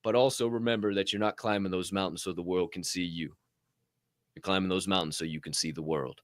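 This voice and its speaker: A man's voice: mid-range voice, fairly quick. A male podcast host giving a profane, swaggering motivational talk, acting out little scenes as he goes. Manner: animated, swaggering, profane, acts out little scenes in other voices.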